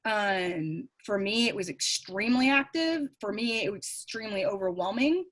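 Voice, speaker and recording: A woman's voice: medium pitch, normal speed. A middle-aged woman, a psychic medium guest, chatting and telling stories in a casual interview. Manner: chatty, animated storytelling with laughs.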